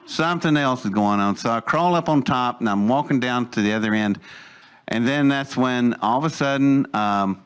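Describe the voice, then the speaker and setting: Older male storyteller, mid-pitched voice, lively and chuckling, voice jumps up with excitement. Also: clean tone. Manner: animated, laughs mid-sentence, jumps higher when excited. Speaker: eyewitness storyteller. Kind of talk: first-person storytelling.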